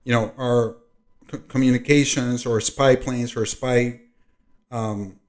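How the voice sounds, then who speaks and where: A man hosting his own video, reading a diary aloud and breaking off into long commentary. He rambles, fills gaps with ums, and clears his throat often. His loudness rises and falls as he talks. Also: mid-range voice, steady tone, slow. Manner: rambling, frequent throat clearing and fillers, loudness rising and falling. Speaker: video host.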